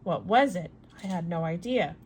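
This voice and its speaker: A woman reading a novel aloud in steady narration, with small slips and restarts. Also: fairly low pitch, normal speed, slight background noise, rough recording. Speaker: reader.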